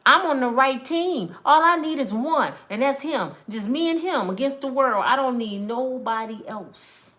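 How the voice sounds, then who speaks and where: A woman's voice: sits high, lively intonation, measured pace, few pauses, bright, forceful tone. A woman, giving an emphatic, conversational talk about relationships as a mentor. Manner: emphatic, conversational street-preacher delivery with acted quotes. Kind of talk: preachy monologue to camera.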